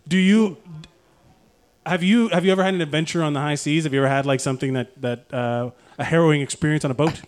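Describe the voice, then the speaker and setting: A man hosting a casual comedy interview, excitable and swearing freely as he fires off questions. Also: a little high, quick pace. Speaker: host.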